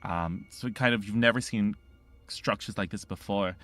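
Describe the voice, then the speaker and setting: A man narrating a tabletop game as game master, rambling and halting with many restarts. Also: fairly low pitch, a bit bright.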